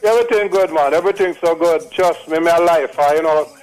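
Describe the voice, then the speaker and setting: A man's voice: a little high, brisk, a little mellow, clean tone, low-quality recording. A man in his late sixties with a Jamaican accent, calling in to tell a long, repetitive, emphatic story. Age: 60s. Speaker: caller. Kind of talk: casual phone testimony.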